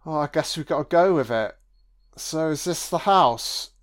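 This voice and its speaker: A man's voice: a little high, lively intonation, moderate pace. A man giving a casual film commentary, sweary, sarcastic and mocking.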